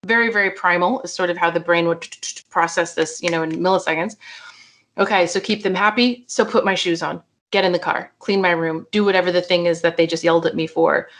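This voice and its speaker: Woman, middle-aged, psychotherapist guest, chatty, animated, fairly low voice. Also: brisk. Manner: animated, acts out quoted voices, many "like" and "right?". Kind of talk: casual interview chat.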